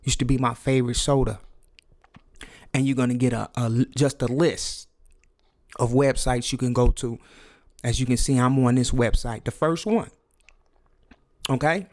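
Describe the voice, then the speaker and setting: A man's voice: medium pitch, steady tone, normal speed, pauses often, no room sound, studio quality. A man talking to his viewers in a preachy, repetitive way, stumbling over words and urging them to wake up. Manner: preachy, repetitive, drops to hushed whisper for emphasis. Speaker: vlogger. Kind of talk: conspiracy talk video.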